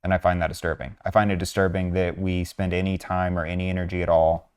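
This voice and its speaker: A man walking through social media posts in an earnest, measured way, pausing with frequent fillers. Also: low-pitched, flat delivery, a little mellow, smooth. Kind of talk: narrated screen walkthrough.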